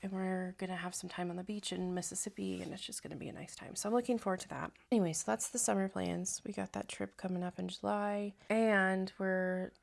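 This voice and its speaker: A young woman, a stay-at-home mom, talking to camera in a casual vlog, soft and reflective with many hesitant fillers. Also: mid-range voice, steady tone, a little fast, hardly any pauses. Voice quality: gravelly vocal fry.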